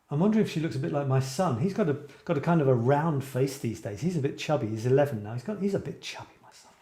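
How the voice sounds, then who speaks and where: A man's voice: on the high side, dark tone, echoey room. A middle-aged man from Scotland hosting a creative writing show, chatting casually and rambling as he answers viewers. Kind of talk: casual live-stream chat.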